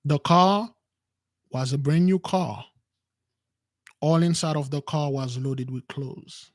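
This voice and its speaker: On the high side and slow, this man's voice carries a dramatic personal story told to his listeners, whom he calls "brothers." As host of a spiritual channel, he acts out the quotes with animation, his grammar non-standard and his speech full of repeats and restarts.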